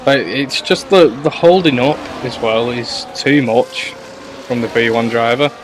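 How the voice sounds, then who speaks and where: Casting: male race caller, chatty and excitable, mid pitch, faint noise under a live stream. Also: a little slow. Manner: excitable, chatty, talks to viewers and co-host. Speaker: league owner and race commentator. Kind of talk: live sim racing commentary.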